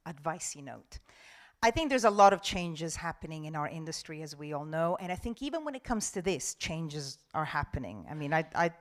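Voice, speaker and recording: A woman in her forties, not a native English speaker, a broadcast journalist giving an animated, expressive talk on a festival panel. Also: lowish voice. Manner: animated, expressive, acts out quotes.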